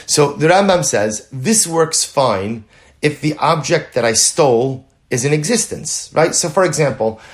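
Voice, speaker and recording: Animated man teaching a Torah lesson. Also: mid-range voice. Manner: animated, dramatic storytelling with role-play examples; repeats key phrases for emphasis.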